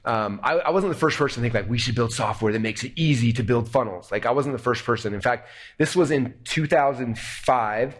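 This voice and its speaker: A man telling a business story to an audience, animated, acting out what people said, with slides. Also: mid-range voice, a little fast. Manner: excited, animated retelling with acted-out quotes. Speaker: speaker telling a founding story. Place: presentation room with slides.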